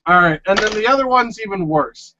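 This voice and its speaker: Brief: high-pitched male podcast co-host, animated ranting storyteller, muffled lo-fi audio. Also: fairly quick, noisy background. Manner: animated, exasperated storyteller who acts out quotes. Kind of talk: casual storytelling chat.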